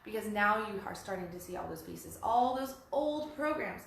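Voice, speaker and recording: A woman's voice: mid-range voice, moderate pace, vocal fry. Middle-aged woman in an echoey room. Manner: animated storytelling, acting out quoted voices. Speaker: podcast co-host. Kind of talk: casual conversation about relationships. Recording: very echoey room, faint background noise.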